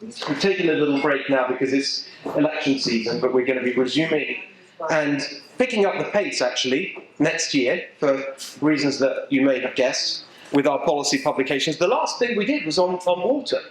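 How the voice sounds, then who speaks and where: A middle-aged man with an English accent speaks to a live audience, emphatic and animated, cracking jokes as he goes. His voice sits a little high for a man. The room rings with a heavy echo. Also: moderate pace. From England. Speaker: political speaker. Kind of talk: speech to a local political group. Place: event venue with a live audience. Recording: echoey room.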